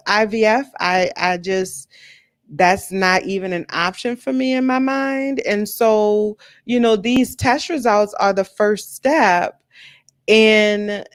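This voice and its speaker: A woman's voice: mid-range voice, no room sound, clean studio sound. A woman hosting a live stream, chatting casually and candidly to her viewers, telling a personal story with lots of fillers and repeated words.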